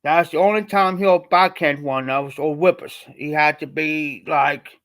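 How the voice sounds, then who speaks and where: Speaking a little slowly in a steady, slightly bright tone, a man from Ohio tells a personal story on his livestream. His voice is a touch high for a man, and his colloquial telling loops back on itself.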